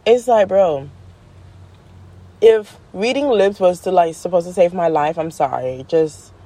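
A woman hosting her own show, talking in a casual, animated monologue full of slang, jumping up in pitch for emphasis and laughing as she goes. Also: measured pace. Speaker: podcast host.

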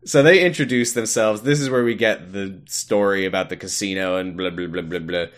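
A man co-hosting a podcast, casually recapping an episode with wry asides and quick put-on character voices. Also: low voice. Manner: wry, acts out character quotes with sudden voice jumps. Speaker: podcast co-host.

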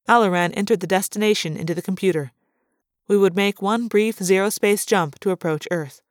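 A reader narrating a fan read-aloud of a novel in a steady storytelling manner. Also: mid-range voice. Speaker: audiobook reader.

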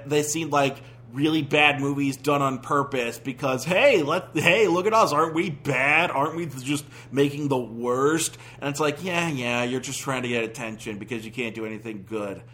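A man's voice: mid-range voice, sharp tone. A man giving a casual, rambling spoken movie review, sarcastic and full of restarts.

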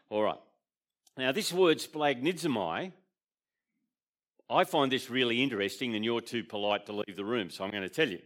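An Australian man gives a sermon at an ordinary middle pitch. He speaks conversationally and checks in with the congregation as he explains each point, with the odd filler and restart. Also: fairly bright tone. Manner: conversational, asks the congregation questions. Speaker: pastor.

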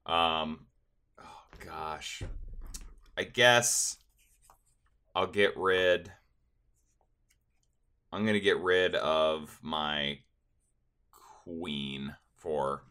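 A man's voice: very deep voice, drawn-out words, long pauses, pushed and bright, clear, resonant tone. A man talking as a player in a tabletop game, wry and muttering. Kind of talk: casual play chat.

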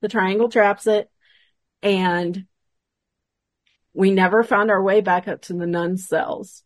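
A woman guest tells a story from a paranormal investigation in a casual, lively voice, acting out what each person said. Her pitch sits in the middle range. The sound is dry and close, with no room echo. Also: slow. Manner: animated retelling, acting out quoted dialogue.

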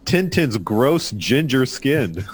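A man's voice: medium pitch, big pitch swings, slow pace, slight background noise. A man co-hosting a casual comedic chat, joking and riffing crudely.

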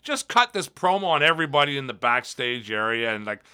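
A man co-hosting a casual chat show, talking in an emphatic, animated way and swearing freely. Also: medium pitch, a little fast, clear, resonant tone. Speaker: podcast co-host.

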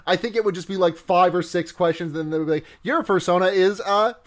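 High-voiced man chatting loosely. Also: steady tone, racing. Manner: loose, rambling with many fillers. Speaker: podcast co-host reading listener questions. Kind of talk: casual chat.

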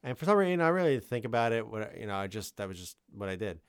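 A man's voice: lowish voice, very animated, racing, clean tone, no room sound, studio quality. A man co-hosting a casual podcast chat, laid-back and swearing freely. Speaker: podcast co-host.

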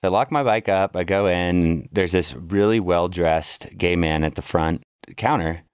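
A man casually telling a story on a podcast, lively, jumping into a much higher voice when he quotes people. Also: moderate pace, smooth, no echo, studio quality. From worked in San Francisco. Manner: animated storyteller, jumps high when quoting people. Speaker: podcast guest.

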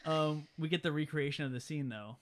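A man's voice: fairly high pitch, a little fast, slight background noise. A man casually recapping a film on a podcast, emphatic and rambling, often restarting his sentences. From California. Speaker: podcast co-host. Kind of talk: casual movie recap chat.

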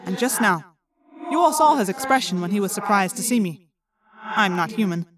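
A woman voicing a calm, formal male alien warrior in an audiobook, with measured, precise diction. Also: medium pitch, a crowd in the background, close to an everyday voice. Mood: accusing. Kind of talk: audiobook character reading.

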